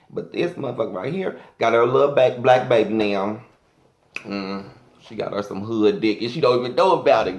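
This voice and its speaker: A man's voice: a little high, roomy sound. A man doing a sassy, flamboyant, profane comic rant as a vlogger.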